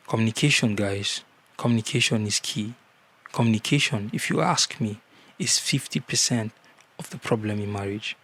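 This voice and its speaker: A man's voice: fairly low pitch, moderate pace, fairly bright tone. A man giving earnest marriage advice in a casual vlog, repeating key words for emphasis.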